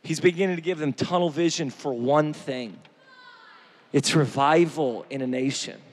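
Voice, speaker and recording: A man preaching an energetic sermon, joking with the crowd and swinging from shouts to near-quiet. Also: on the high side, normal speed. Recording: long hall reverb.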